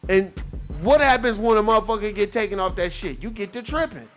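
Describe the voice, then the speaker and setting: High-pitched man ranting, profane and heated. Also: animated, fairly quick, slight background noise. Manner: profane, heated, mocks others in quoted voices. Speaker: podcast host. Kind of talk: casual ranting commentary.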